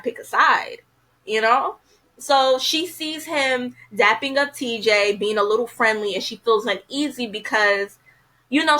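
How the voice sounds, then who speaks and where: Woman reviewer, casual and outspoken, bright tone, lots of fillers. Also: fairly high pitch, rough recording. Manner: chatty, frank, heavy use of "you know" fillers. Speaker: TV episode reviewer.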